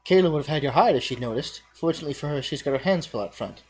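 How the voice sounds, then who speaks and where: A man voicing a cheerful young woman who fusses over a friend in a video game, with a high, chatty delivery. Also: lively intonation, very fast, darkish tone, husky, poor audio. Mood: fussing.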